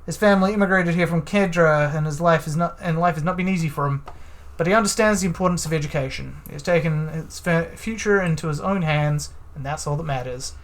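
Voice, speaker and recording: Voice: mid-range voice, fairly quick, natural voice. A let's-play narrator voicing a nervous, evasive, genteel man witness who speaks in fussy, formal, hesitant phrases.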